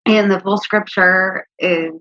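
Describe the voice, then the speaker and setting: A woman's voice: mid-range voice, fairly even intonation, takes it slowly, sharp tone, dry recording. A woman guest sharing her faith testimony in an earnest, heartfelt way, at times close to tears. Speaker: interview guest. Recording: dull, slightly lo-fi, dry sound.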